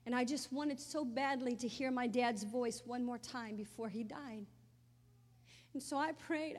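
A woman's voice: on the high side, measured pace, in a large hall. A woman preaching a sermon, telling an emotional personal story that swells into exclamations.

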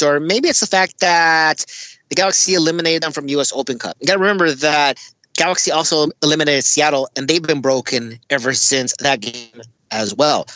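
Steady podcast host, dry sound. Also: mid-range voice, no room sound, rough recording. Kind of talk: casual sports prediction podcast.

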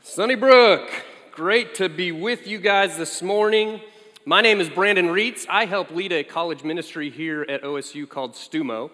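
A man in his forties preaching as a guest, telling lively family stories with animated quotes of his child. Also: a little high, moderate pace. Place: large church sanctuary. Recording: echoey large hall.

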